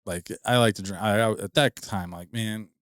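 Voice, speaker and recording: A man's voice: on the low side, normal speed, a bit bright, no echo, studio quality. A man in his thirties co-hosting a podcast, telling a long embarrassing story in a rambling, laughing way with lots of restarts. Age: 30s. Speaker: podcast co-host. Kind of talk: casual storytelling chat.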